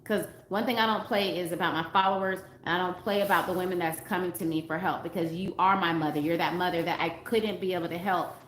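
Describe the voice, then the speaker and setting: With a lowish, steady voice, a woman dating coach talks quickly and with few pauses to her livestream viewers. She's earnest and emphatic in a casual way, repeating key points and reading comments aloud, in a roomy space with faint background noise.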